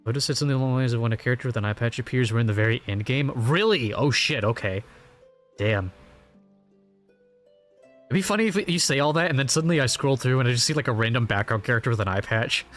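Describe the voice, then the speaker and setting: A man reacting casually to a comic, talking fast and offhand. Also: mid-range voice, lively intonation, fairly bright tone, faint music behind. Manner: fast, offhand, swears and laughs. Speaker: channel host reacting to a comic.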